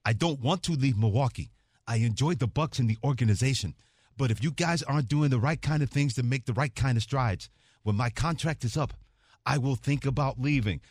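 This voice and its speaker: A male sports radio host in a dry, close-miked studio, talking with playful, laughing energy. His pitch sits in the middle, and he spins the news like a story for his co-host. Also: a little fast, no echo. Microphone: studio microphone.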